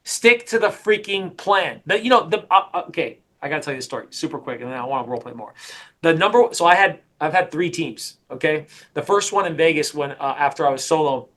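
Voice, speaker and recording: A middle-aged man leads a sales coaching session in an energetic, emphatic way, hammering his points home by repeating them. His voice is bright and forceful and sits a bit high. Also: fairly quick.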